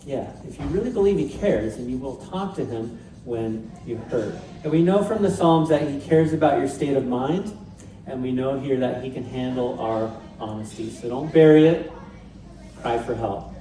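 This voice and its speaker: Pastor guy giving a sermon, dark warm voice, mic kinda far off, roomy church sound. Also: mid-range voice, lively intonation, moderate pace. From Pacific Northwest, USA. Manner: conversational preaching with light humor. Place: church sanctuary.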